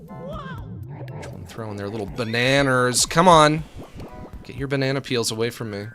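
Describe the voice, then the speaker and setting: A man rambling excitedly in casual commentary while streaming a video game. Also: mid-range voice, normal speed, soft background music. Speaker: gaming streamer. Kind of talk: casual live gameplay commentary.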